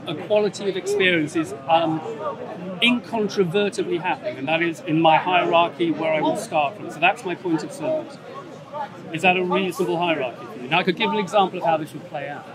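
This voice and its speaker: A middle-aged man in a street debate, explaining step by step and checking for agreement with "yeah?", speaking into a handheld mic outdoors. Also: a little high. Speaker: agnostic debater. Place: outdoors in a public urban space. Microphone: handheld microphone held out by a crew member. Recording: street recording with loud crowd behind.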